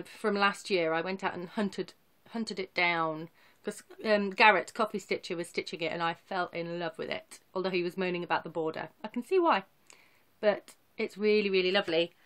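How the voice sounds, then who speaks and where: A woman's voice: mid-range voice, a bit bright. A woman in her thirties talking casually to camera, showing her cross-stitch projects in a rambling, self-deprecating way. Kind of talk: casual chatty show-and-tell.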